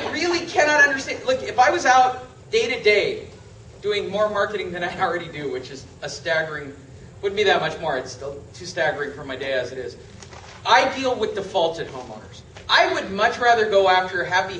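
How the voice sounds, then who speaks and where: Guy with a high bright voice teaching a seminar, super emphatic, mic kinda far off. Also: a little hiss or hum. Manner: emphatic, animated, rhetorical questions. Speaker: real estate trainer. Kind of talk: seminar lecture. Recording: echoey room from a distance.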